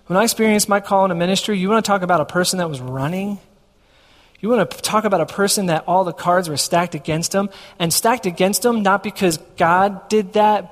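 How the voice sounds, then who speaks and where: High-voiced preacher in a reverberant hall. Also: male voice. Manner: storytelling, acts out dialogue with God. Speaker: pastor. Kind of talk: sermon.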